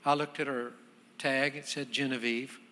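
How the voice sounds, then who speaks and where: A man preaching as a guest pastor, telling a story in a conversational way that builds into loud, emphatic preaching. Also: mid-range voice, little pitch movement, normal speed, big-room sound. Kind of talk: sermon storytelling.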